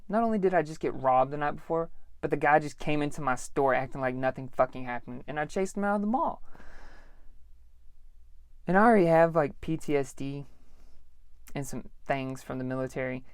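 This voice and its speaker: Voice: mid-range voice, dry recording. Profane podcaster telling a story, dry sound. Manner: profane, animated, acts out dialogue. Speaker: podcast host. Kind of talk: casual storytelling.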